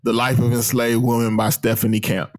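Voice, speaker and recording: A man from Austin with a Texan accent, an interview guest telling lively travel stories and laughing often. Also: medium pitch, a little fast. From Austin, Texas. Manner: animated, laughs often, acts out voices in anecdotes. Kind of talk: casual storytelling.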